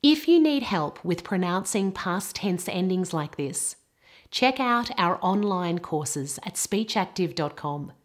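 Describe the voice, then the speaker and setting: Slow, deliberate female pronunciation teacher. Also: fairly low pitch, lively intonation. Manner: clear, deliberate model pronunciations. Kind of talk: scripted pronunciation lesson.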